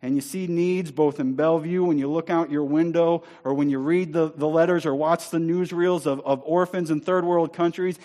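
A man preaching a sermon in a church, speaking emphatically and slowing down to stress key words. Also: a little high. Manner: emphatic, rising to near-shouting on scripture. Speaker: pastor. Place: church sanctuary.

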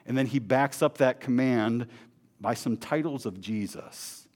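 A man preaching a sermon, swinging between emphatic proclamation and hushed, low intensity, with chatty asides and repeated words. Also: a little slow. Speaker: pastor.

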